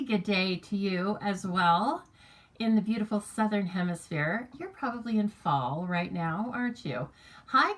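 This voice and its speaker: An American woman hosting a craft live stream, chatting casually, greeting viewers by name and reading their comments aloud. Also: medium pitch. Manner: chatty and rambling, reads viewer comments aloud, laughs easily. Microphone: camera mic on a live stream.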